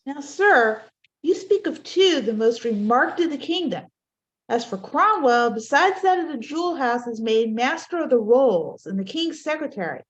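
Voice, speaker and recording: A woman's voice: high voice, expressive, moderate pace, lo-fi sound. A woman reading the part of a dutiful courtier knight in an amateur Shakespeare reading, speaking the verse earnestly and plainly. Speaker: reader in a play reading.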